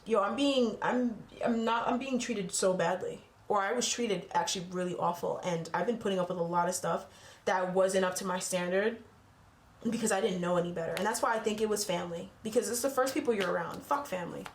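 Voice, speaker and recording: A woman's voice: lowish voice, quick pace, echoey room. A woman doing a casual tarot reading for her channel, talking bluntly and swearing freely as she gets heated. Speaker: tarot reader.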